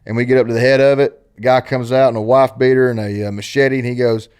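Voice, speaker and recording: A podcast host with an Eastern Kentucky accent chats casually in an interview, telling rambling, folksy stories. His mid-range voice is fast, fairly even, a little mellow and smooth.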